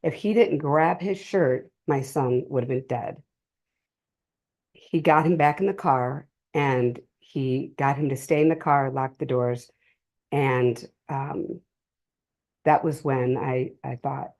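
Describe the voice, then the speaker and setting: Middle-aged woman, low-pitched, soft warm tone, emotional halting testimony, live audience talk. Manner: emotional, halting, many pauses and restarts. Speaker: speaker sharing a family story at a drug-prevention session. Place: community cultural center, in person.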